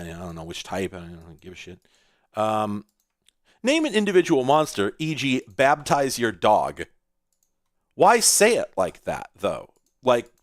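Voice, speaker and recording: Playing an old computer game for his retro computing video, a man keeps up a rambling, profane, casual commentary punctuated by abrupt exclamations. The medium-pitched voice is recorded dry and at studio quality.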